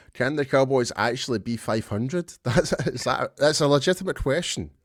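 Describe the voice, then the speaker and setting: A man's voice: mid-range voice, moderate pace, no echo, studio quality. Chatty man on a sports podcast. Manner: chatty, loose, self-deprecating. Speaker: podcast co-host. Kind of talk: casual sports chat.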